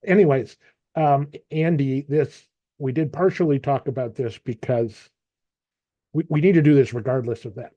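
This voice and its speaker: A man's voice: mid-range voice, dark tone, no room sound, dull audio. A man running an online meeting over a video call, talking casually and often repeating words as he thinks. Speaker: meeting facilitator.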